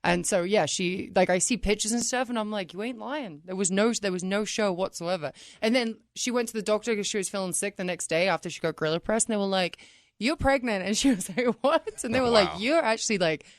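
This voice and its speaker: A woman with an English accent talks casually as a radio guest. She tells stories in a chatty, self-mocking way at a middling pitch. The close studio mic sounds dry. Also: fast, hardly any pauses, no room sound. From England. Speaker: guest wrestler. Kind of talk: casual interview chat.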